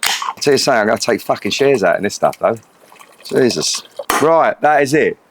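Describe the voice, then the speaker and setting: A man's voice: medium pitch, expressive, brisk, background noise. A middle-aged man hosting a casual outdoor cooking vlog, chatty, cheeky and full of swearing. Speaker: cooking channel host. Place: outdoors at a grill.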